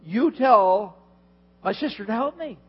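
A man voicing an exasperated, overworked woman who complains loudly and demands help. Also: high-pitched, lively intonation, unhurried, slightly rough, voice pushed up, heavily acted. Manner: pleading, complaining, emphatic. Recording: dull lo-fi in a reverberant hall with hum.

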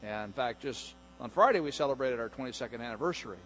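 Animated middle-aged male pastor preaching. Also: mid-range voice, quick pace, a little hiss or hum. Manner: animated, jokey, acts out voices. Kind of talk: sermon. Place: church sanctuary.

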